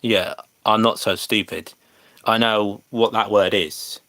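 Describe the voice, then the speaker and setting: A man's voice: on the low side, steady tone, slow, pushed and bright, dry recording. An English man chatting casually to viewers on a livestream, hesitant and full of fillers and restarts. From England.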